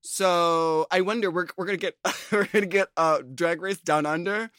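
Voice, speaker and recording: A man co-hosting a podcast, chatting in an animated, giggly way. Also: high-pitched, normal speed, clear, resonant tone, no room sound, clean studio sound. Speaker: podcast co-host. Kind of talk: casual chat.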